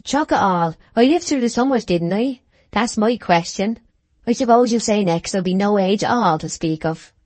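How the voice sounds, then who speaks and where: Woman reading as a slow, grumbling old maltster. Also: medium pitch, expressive, darkish tone, no room sound, natural voice. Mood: testy. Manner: slow, drawn-out rustic speech. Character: aged grumbling male village maltster. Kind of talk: audiobook character reading.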